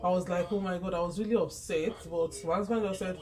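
A woman talks straight to her viewers in a casual vlog, filmed on a handheld phone. She is chatty and excitable, running through her news with plenty of asides. It starts in a car, with vehicle noise behind her, and moves into a small home office. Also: on the low side, fast talker. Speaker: vlogger.

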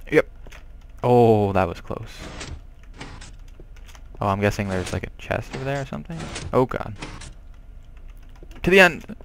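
A man giving casual let's-play commentary on a puzzle game, excitable and quick to exclaim when things go wrong. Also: lowish voice, vocal fry, a little hiss or hum. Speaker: gameplay commentator.

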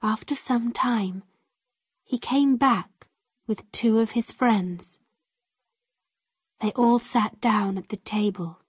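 Brief: woman narrator, graded-reader story, very slow and deliberate, husky, dry sound. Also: a little high, no room sound. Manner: slow, clear and deliberate for learners.

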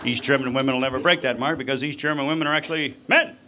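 A middle-aged man doing energetic live stand-up on a club stage, teasing the crowd with punchy delivery. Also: medium pitch, racing. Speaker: stand-up comedian. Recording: live club audio with audience noise.

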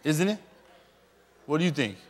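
A man preaching a sermon in a fairly high voice, with a playful, bantering manner toward the listeners. His voice rings out with a long reverb in a large hall. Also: very animated, moderate pace. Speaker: pastor.

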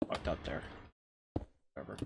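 A man's voice: moderate pace, background noise. A man streaming a game on a headset mic, chatting casually, swearing and joking at his own expense, with game music behind. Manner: crude, self-mocking, swearing. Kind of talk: casual livestream commentary.

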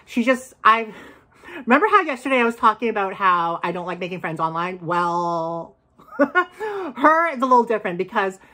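A woman chatting casually as she unboxes and reviews secondhand bags, excitable and quick to gasp and laugh. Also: medium pitch. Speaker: reseller vlogger.

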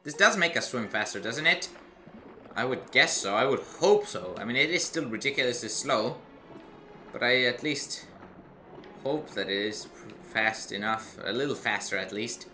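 A man's voice: medium pitch, lively intonation, normal speed, pushed and bright, soft background music. A man doing casual gameplay commentary, chatty with self-mocking asides. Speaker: let's play gamer.

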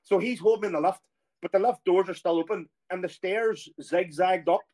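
A middle-aged man with an Irish accent and a fairly high voice for a man, spinning a lively anecdote. He talks casually and throws himself into the quoted voices as the story rolls on. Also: fairly quick. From Ireland. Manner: animated storyteller who acts out quoted voices. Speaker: former footballer guest.

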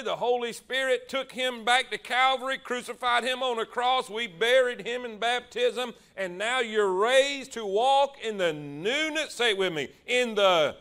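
A high-pitched man preaching at a slow, deliberate pace. He stretches out words for emphasis and calls on the congregation to respond. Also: bright, forceful tone. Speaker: pastor. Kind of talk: sermon.

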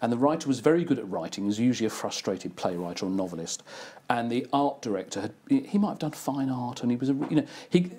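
An older man working as an advertising writer and producer chats casually through anecdotes, acting out the quoted exchanges. He talks fast and animatedly with hardly any pauses, in a warm, mid-range voice with a breathy edge.

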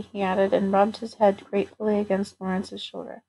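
A woman narrating a novel aloud at a steady, even pace. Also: mid-range voice, moderate pace, vocal fry, slight background noise, poor audio. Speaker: audiobook reader.

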